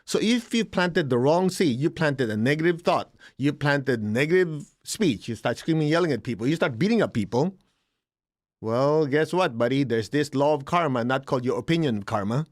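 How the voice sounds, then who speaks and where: A man's voice: a little high, animated, normal speed, no echo, studio quality. A middle-aged man giving an informal spiritual lesson, talking directly and acting out complaining students. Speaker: spiritual teacher.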